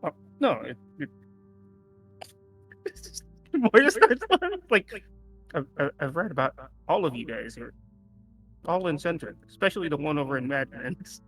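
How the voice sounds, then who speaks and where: A man's voice: on the high side, expressive, moderate pace, fairly bright tone, slightly rough, faint music behind, rough recording. A man playing a cheeky apprentice at a tabletop game, playful and stammering. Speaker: player. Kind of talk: in-character tabletop role-play.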